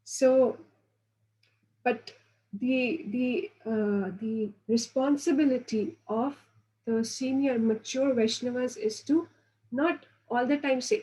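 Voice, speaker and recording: Woman spiritual teacher, devotional talk, earnest, mellow and somewhat high voice, repeats and restarts phrases. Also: unhurried, rough recording. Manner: repetitive, restarting phrases, acts out quoted voices; earnest, instructive. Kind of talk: devotional lecture.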